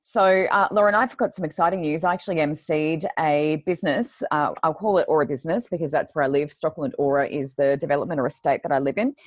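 Lively woman, low voice. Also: fast, few pauses, no echo. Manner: animated storyteller who acts out quotes. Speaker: podcast co-host. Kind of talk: casual podcast chat.

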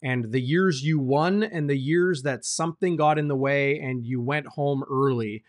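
A man's voice: mid-range voice, unhurried, dry recording. A man who hosts a sports show and asks long, winding interview questions. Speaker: sports reporter, host.

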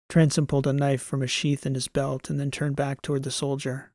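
A man reading a science fiction story as an audiobook narrator, in a measured, even way. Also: mid-range voice, dry recording, studio quality. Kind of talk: scripted narration.

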